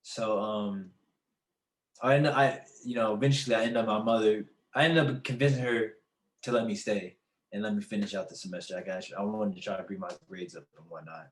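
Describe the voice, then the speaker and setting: A young adult man, a podcast guest, telling a personal story in casual, animated talk and laughing often. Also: lowish voice, fairly quick, echoey room.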